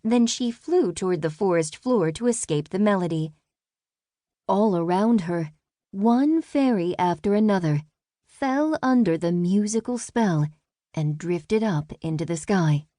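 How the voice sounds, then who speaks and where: A woman narrating a children's audiobook in a calm, measured way. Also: mid-range voice, dry recording, studio quality.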